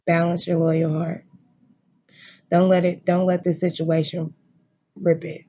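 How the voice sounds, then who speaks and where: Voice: mid-range voice, monotone, unhurried, warm tone, lo-fi sound. A tarot reader in a home room doing a card reading, talking straight to viewers in an emphatic, emotional way. They repeat lines of encouragement and swear freely. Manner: emphatic, repetitive, profane, emotionally intense.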